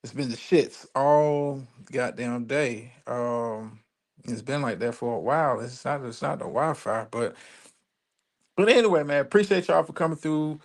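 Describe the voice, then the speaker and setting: Tired, gravelly male stream host. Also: mid-range voice, a little slow. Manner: profane, loose, rambling. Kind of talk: casual live-stream sign-off. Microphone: phone.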